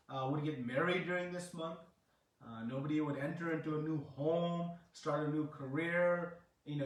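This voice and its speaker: A man's voice: a little high, distant mic. A man giving a devotional talk, retelling a scripture story with many fillers and rising to dramatic emphasis. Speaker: preacher. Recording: echoey room, speaker away from the mic.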